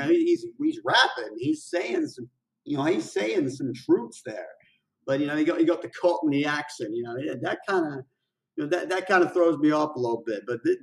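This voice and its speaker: A man hosting a music reaction video, chatting casually in excited slang and often repeating his phrases. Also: on the high side, creaky, recorded from a distance, poor audio. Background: the song playing faintly.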